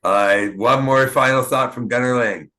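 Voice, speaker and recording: A man from Canada hosting a podcast, talking in a casual, rambling way with many fillers and halting restarts. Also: mid-range voice, bright, forceful tone. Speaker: podcast host. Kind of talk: casual interview chat. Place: small town.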